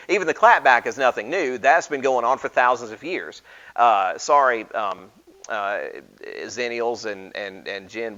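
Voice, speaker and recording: A man's voice: medium pitch, sharp tone, muffled recording. A man leading an informal Bible study, talking casually with frequent restarts and reading scripture aloud.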